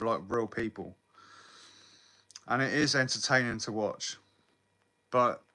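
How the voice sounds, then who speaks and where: A man's voice: lowish voice, sharp tone. A man in his thirties from the south coast, chatting casually on a livestream, swearing freely and answering viewers' comments. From England. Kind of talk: casual live chat with viewers.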